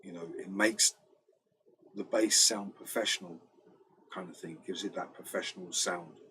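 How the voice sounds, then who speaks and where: Man, British accent, very deep voice, casual rambling storyteller, slips into quoted voices, faint background noise. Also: steady tone, normal speed, pushed and bright, low-quality recording. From Britain. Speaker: bass player. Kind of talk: casual chat.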